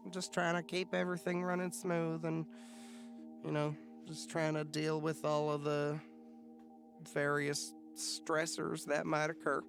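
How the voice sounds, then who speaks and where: A man's voice: on the high side, level tone, unhurried, creaky, over music. A man voicing a frazzled but kind male ship's cook who rambles and swears casually. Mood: chatty.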